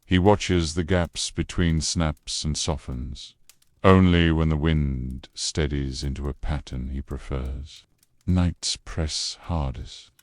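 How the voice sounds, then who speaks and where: Very deep, slow male narrator. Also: no echo, studio quality. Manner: low, calm, unhurried delivery. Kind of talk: scripted bedtime narration.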